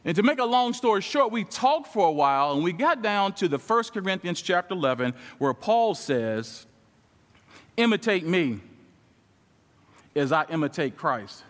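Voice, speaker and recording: A man preaching as a guest speaker, telling a story in a lively way and acting out the conversation as he goes. His voice sits high for a man. The sound rings with long reverb, as in a large church sanctuary. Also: normal speed. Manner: animated, acts out quoted dialogue with shifting pitch. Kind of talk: sermon storytelling.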